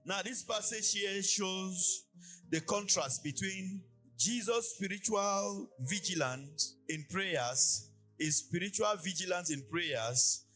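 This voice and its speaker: A man from Cameroon preaches in a church, his high voice rising and falling in a sing-song cadence. He breaks into lively illustrative asides as he talks. Faint music plays softly behind him. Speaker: pastor. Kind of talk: sermon.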